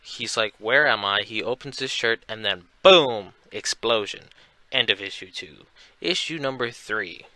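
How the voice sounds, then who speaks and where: A man's voice: fairly low pitch, animated, unhurried, sharp tone, no echo, low-quality recording. A young man casually recapping a comic book, rambling along with plenty of fillers. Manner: rambling, filler-heavy retelling.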